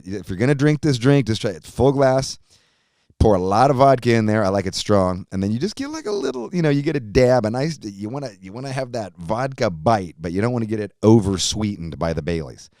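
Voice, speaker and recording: A man with a low, resonant voice hosts a podcast in relaxed chat, rambling with cheerful profanity. The sound is dry and close, with no room around him. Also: dry recording. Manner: loose, profane, rambling enthusiasm. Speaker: podcast host.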